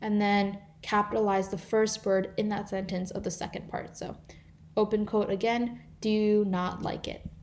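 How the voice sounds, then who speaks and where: A woman's voice: mid-range voice, darkish tone. Teen girl tutoring grammar online. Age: teens. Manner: explanatory, reads example sentences aloud. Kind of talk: online live class lesson.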